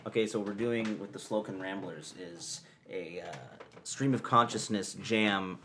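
A man's voice: lowish voice, a little slow, sharp tone, slight background noise. A man hosting a casual interview, playful and goading, laughing often as he runs a card game with his guests. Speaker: podcast host.

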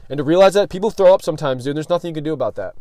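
A man's voice: a little high, expressive, very fast, dark tone, dry recording. Slangy young man telling a story. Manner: slangy and loose, full of "like" and "dude", swears freely. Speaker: podcast host. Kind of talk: casual storytelling podcast.

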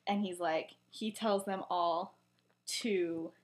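Speaking slowly with a lowish, fairly even tone, this young podcast co-host relaxes into a story. Fillers pepper her retelling, and she acts out whatever lines she quotes.

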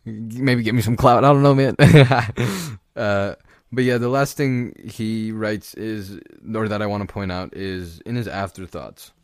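A man hosting a solo podcast, talking casually and haltingly about a book, often restarting and laughing. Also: lowish voice, fairly even intonation, no echo, clean studio sound. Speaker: podcast host reviewing a book.

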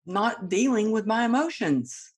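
A woman's voice: a little high, big pitch swings, a little slow, a little mellow, husky. A middle-aged woman hosting a conversation, openly sharing personal struggles in a confessional way. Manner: open, confessional storytelling. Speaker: podcast host.

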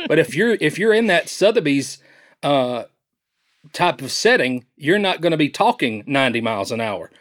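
Man with a rapid auction chant. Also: on the high side, big pitch swings, a bit bright. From Tennessee. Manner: rapid rhythmic auction chant, friendly explaining. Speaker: champion auctioneer and teacher. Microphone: phone line.

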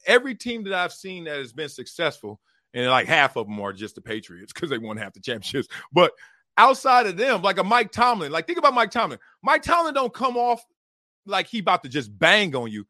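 A man in his thirties, a former pro football player turned broadcaster, telling stories in a casual interview with lively, slangy talk. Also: fairly high pitch, no echo, studio quality. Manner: animated, slangy, acts out quotes with shifting voices.

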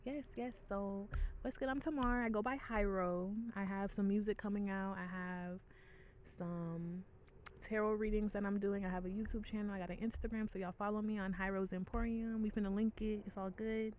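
Relaxed, slangy woman podcast guest. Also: medium pitch, normal speed, slight background noise. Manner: relaxed, slangy, laughing often. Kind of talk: casual podcast chat.

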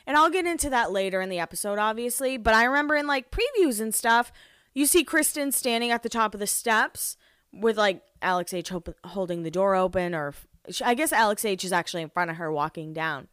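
A woman's voice: mid-range voice, expressive, brisk, a bit bright, clear, resonant tone, dry recording, clean studio sound. A young woman hosting a podcast, recapping a reality show in casual chat, giggly and full of "like" fillers. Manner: chatty, giggly, lots of "like" fillers.

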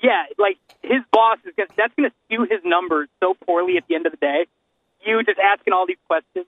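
A man's voice: sits high, no echo, narrow, tinny audio. A man co-hosting a podcast in casual chat, joking and agreeing as he talks. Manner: chatty, joking, quick to agree.

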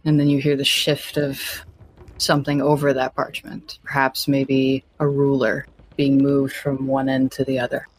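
Low-voiced woman narrating a tabletop game. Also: monotone, a little slow, a little hiss or hum. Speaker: game master.

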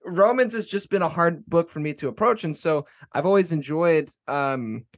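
A man hosting a podcast interview in casual conversation, rambling and halting with many fillers and restarts. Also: fairly high pitch, lively intonation. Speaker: podcast host.

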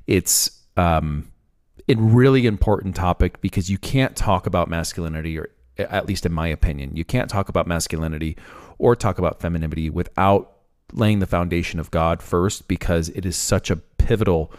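A young man co-hosting a podcast, speaking in a measured, thoughtful way with frequent pauses. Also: low-pitched, a little mellow, no room sound, clean studio sound. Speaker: podcast co-host. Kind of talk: casual podcast chat.

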